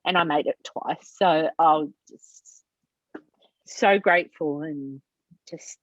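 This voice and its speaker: A woman's voice: sits low, slow pace, no echo, muffled recording. A woman author being interviewed over a video call, telling stories animatedly and acting out dialogue. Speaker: author guest. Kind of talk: casual interview chat.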